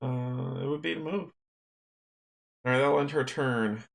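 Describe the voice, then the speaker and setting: A man talks his way through a solo board game, reading out the game text and chuckling to himself. His voice sits at an average pitch. The room around him gives it a noticeable echo. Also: a little slow, gravelly. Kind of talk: playthrough narration, reading game text aloud. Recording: roomy echo.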